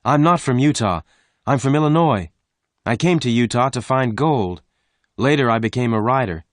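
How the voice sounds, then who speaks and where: A man voices a defiant young male ranch rider, speaking up in a raised voice. His natural, mid-range voice is pitched above his own, animated and at normal speed, recorded dry at studio quality.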